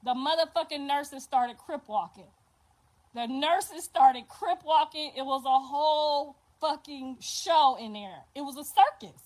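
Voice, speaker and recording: High-voiced, animated older woman storyteller. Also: measured pace. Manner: animated, profane, emphatic, swears and repeats herself. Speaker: livestream host. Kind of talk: casual storytelling.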